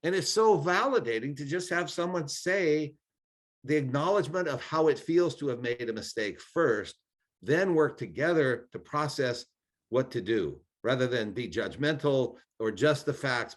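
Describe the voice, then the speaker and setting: A man's voice: medium pitch, animated, normal speed. A man, a former congressman, speaking in an online training talk, giving earnest advice with frequent restarts.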